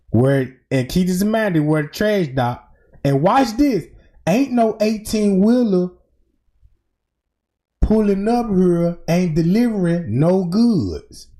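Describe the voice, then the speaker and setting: Man, video commentator: slow, emphatic, slangy, mellow tone, lively pitch. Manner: emphatic, slangy, pointing things out. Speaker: commentator walking through footage. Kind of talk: casual commentary over video.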